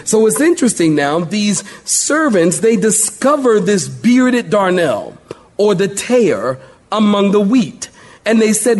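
A middle-aged pastor preaching verse by verse to a live congregation. His voice sits a little high for a man, and he keeps calling for amens and answers. The sound is lively, delivered from a church sanctuary. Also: takes it slowly. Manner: animated, call-and-response with congregation. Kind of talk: verse-by-verse sermon, recorded live.

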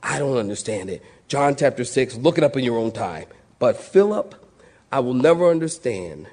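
A man preaching a sermon, dropping low then exclaiming, acting out quotes. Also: normal speed. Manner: animated, swings from low murmurs to high exclaims, acts out quotes. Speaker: pastor.

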